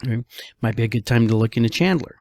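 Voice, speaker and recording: Man, gravelly voice, dry close sound, casual real estate commentary, chatty with rhetorical questions. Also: medium pitch, fast talker, darkish tone, no echo. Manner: chatty, rhetorical questions, frequent "all right". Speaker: real estate broker vlogger.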